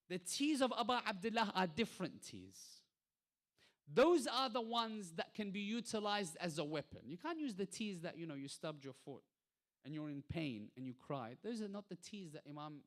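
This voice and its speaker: A man delivers a religious lecture to a gathered audience. His voice sits slightly high for a man. He often poses rhetorical questions and moves between hushed, soft passages and loud, emphatic peaks. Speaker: lecturer at an Islamic centre.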